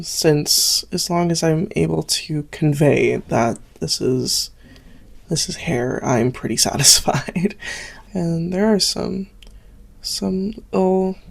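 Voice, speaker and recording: A woman's voice: on the low side, creaky, darkish tone. A young Canadian woman, an artist from Southern Ontario, talking through her drawing process in a rambling, self-deprecating, chatty way. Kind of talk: chatty draw-along tutorial.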